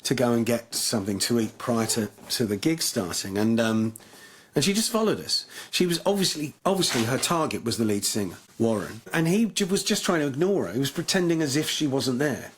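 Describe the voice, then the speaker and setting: A man's voice: medium pitch, expressive, fairly quick, a little hiss or hum. An English man telling stories as a guest in an interview, rambling with many restarts. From England. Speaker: guest musician. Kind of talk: anecdotal interview chat.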